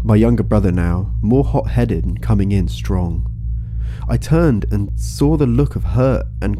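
Male narrator, low voice, deadpan, wry first-person story, guitar music behind.

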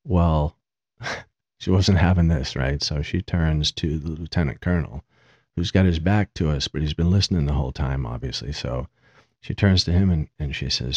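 Very deep-voiced man spinning a yarn. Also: moderate pace, darkish tone, slightly rough, dry recording. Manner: amused, rambling, self-mocking. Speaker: podcast host. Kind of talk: casual anecdote storytelling. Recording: dull, dry lo-fi sound.

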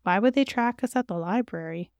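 A woman's voice: mid-range voice, a little fast, a little mellow, no room sound, clean studio sound, lightly acted. A woman voicing a timid, polite young teenage girl.

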